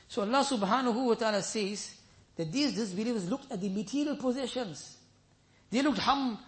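A man preaching a sermon, telling scripture stories with emphatic repetition and breaking into chanted Arabic verses. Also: high-pitched. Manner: lively storytelling, mixes in chanted Arabic verses; emphatic, repeats phrases for stress.

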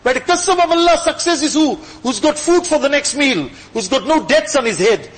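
Male preacher, high voice, fervent sermon delivery, big hall echo. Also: lively intonation, brisk. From Gujarati-speaking background. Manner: impassioned, swings between loud exhortation and hushed pleading. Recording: long hall reverb.

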